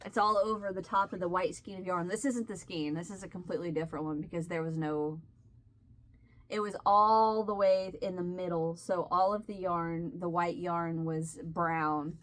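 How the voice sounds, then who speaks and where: A woman vlogger telling a rambling story in casual, animated chat while she crochets. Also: lowish voice, moderate pace. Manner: rambling and animated, with restarts and laughs.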